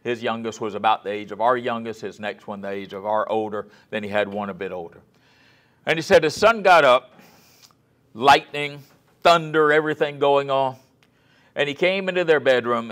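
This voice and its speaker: A man giving a guest lecture on scripture in a folksy storytelling manner, asking the audience questions and sometimes dropping to a soft, near-whispered voice for emphasis. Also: medium pitch, moderate pace.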